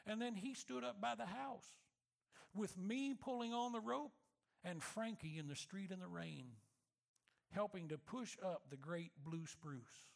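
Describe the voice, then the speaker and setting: A man speaking to his church, telling a personal story in a reflective manner that slows and softens for emphasis. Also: high voice, creaky. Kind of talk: storytelling sermon.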